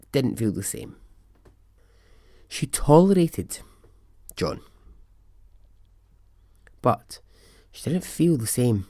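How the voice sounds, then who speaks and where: A man's voice: medium pitch, darkish tone, no room sound, studio quality. A man hosting a podcast, casually telling a story in a chatty, wry way and laughing at his own asides. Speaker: podcast host.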